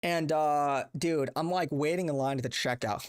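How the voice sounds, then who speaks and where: Young streamer cussing nonstop, fed up and rambling, middling pitch. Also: measured pace, few pauses. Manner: profane, exasperated, rambling. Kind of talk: casual livestream rant.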